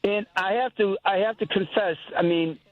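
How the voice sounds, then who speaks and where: A man's voice: sits high, normal speed, dry recording. Older man calling in on a tinny phone. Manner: rambling, earnest, repeats himself. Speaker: caller. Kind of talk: casual call-in chat.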